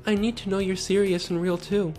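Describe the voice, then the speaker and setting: A man doing a whiny, high-pitched needy creep. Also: level tone, a little fast, a little mellow, faint music behind, lightly acted. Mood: pleading. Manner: whiny, pleading, mocking. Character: needy, pushy adult male online creep.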